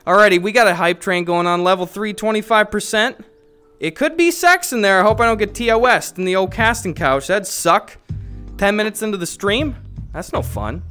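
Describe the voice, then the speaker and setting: A man streaming live, chatting casually with his viewers in a loud, profane, jokey way. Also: high voice, expressive, moderate pace, smooth, soft background music. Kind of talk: casual livestream chat.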